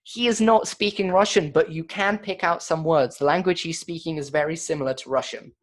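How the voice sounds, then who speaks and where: A man's voice: on the high side, a little fast. A young man narrating as game master, casual and full of fillers.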